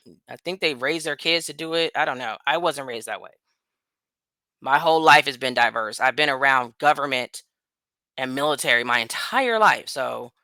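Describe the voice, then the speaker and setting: In a dry recording, a US woman with a low, pushed, bright voice rants about politics straight to her audience. The vlogger is blunt and profane, rambling along with quick asides.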